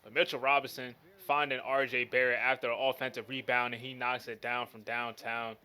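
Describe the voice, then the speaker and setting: A man's voice: mid-range voice, level tone, a little fast, sharp tone, clear, resonant tone. A man giving casual, slangy play-by-play commentary over a basketball video game. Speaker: gaming commentator.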